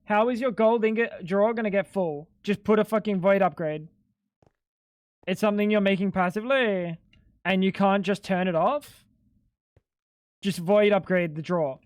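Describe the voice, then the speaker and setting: Male game streamer, high voice, dry close sound; blunt, exasperated, cusses casually. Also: normal speed, pauses often, dry recording. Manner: blunt, exasperated explaining, swears freely. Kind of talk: casual livestream chat while gaming.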